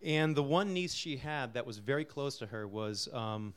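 A middle-aged man from Connecticut introduces a song he wrote, talking softly and haltingly with many fillers. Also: mid-range voice, expressive, smooth. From Connecticut, USA. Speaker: singer-songwriter introducing a song. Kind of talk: casual spoken intro before a live song.

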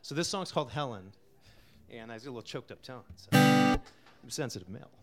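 Soft-spoken man, halting song intro. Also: mid-range voice, animated, loud music behind the voice. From Connecticut, USA. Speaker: singer-songwriter introducing a song. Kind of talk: casual spoken intro before a live song.

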